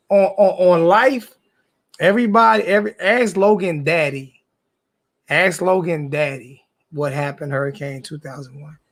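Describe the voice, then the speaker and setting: A man with a high-pitched voice and a gravelly crackle rants back at his live-stream chat. He talks like a sports YouTuber who is confrontational, says the same line again and again, and leans on profane slang.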